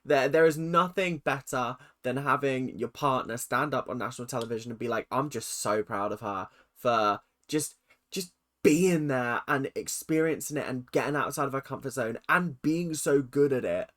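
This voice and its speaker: A man hosting a reaction video, talking in an animated, effusive way and acting out his own quoted reactions. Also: medium pitch, moderate pace. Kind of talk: casual reaction commentary.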